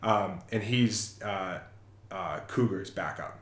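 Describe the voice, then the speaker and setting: Low-voiced man recapping a movie. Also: slow, echoey room. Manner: rambling, self-correcting storyteller. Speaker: podcast co-host. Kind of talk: casual movie recap chat.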